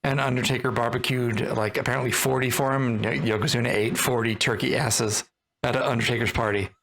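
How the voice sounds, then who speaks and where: A man's voice: medium pitch, steady tone, fairly quick, vocal fry, fairly bright tone, slight background noise, poor audio. A man co-hosting a wrestling podcast, telling an anecdote in a hesitant, casual way. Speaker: podcast co-host.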